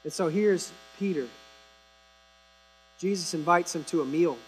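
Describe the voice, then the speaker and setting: A man's voice: sits high, steady tone, a little slow, low-quality recording. A man preaching a sermon, retelling scripture in a conversational storytelling way with casual asides. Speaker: pastor.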